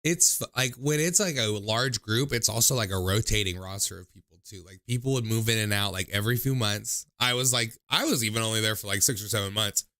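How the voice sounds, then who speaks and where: A man's voice: a little fast, hardly any pauses, bright, forceful tone, no echo, studio quality. A young man, hosting a livestream and telling stories in a casual, profane, rambling way full of fillers. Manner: mimics people in high voices when quoting. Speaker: livestream host taking call-ins. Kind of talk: casual storytelling chat.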